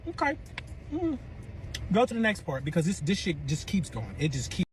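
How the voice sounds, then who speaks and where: A man telling a dramatic personal story in a profane, animated way, acting out what people said. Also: high voice, normal speed, a little hiss or hum. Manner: profane, dramatic, acts out quotes. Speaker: storyteller in a clip.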